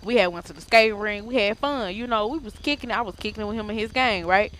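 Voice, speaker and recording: A woman's voice: mid-range voice, fast talker, fairly bright tone, slight background noise. A woman casually retelling a roleplay game story in slangy, profane, rambling speech, acting out the dialogue. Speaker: roleplay gamer telling a story.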